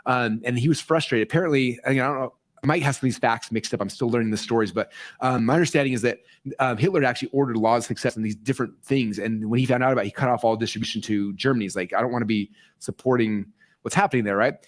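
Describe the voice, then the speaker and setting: A man speaking excitedly to a live audience, rambling with many fillers and restarts, voicing quoted people in a raised voice. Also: medium pitch, very fast. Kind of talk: excited casual presentation. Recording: played clip inside a commentary video.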